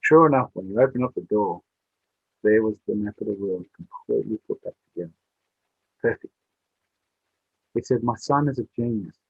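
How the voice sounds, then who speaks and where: A man telling a story aloud in a relaxed oral style, switching his voice for the characters. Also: normal speed, pauses often, breathy edge, dry recording. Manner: voices the characters with rising pitch for the child. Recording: dry, tinny phone-like sound.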